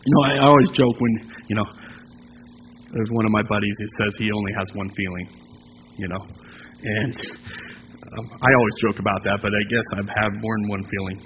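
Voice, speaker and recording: A middle-aged man, a pastor, preaching a heartfelt, conversational sermon, with filler pauses. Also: lowish voice, background noise. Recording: dull lo-fi sound in a reverberant hall.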